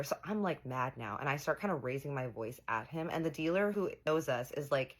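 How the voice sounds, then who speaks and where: A woman's voice: low-pitched, animated, a little fast, hardly any pauses. A young woman telling a personal story in a casual storytime monologue, animatedly acting out quoted dialogue with slang and swearing. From United States.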